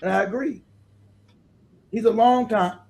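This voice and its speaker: This is a man running his own livestream commentary, talking with a high voice that keeps catching in a gravelly rasp. He pushes each point with emphasis and laughs often between lines. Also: a little slow, darkish tone. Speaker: livestream host.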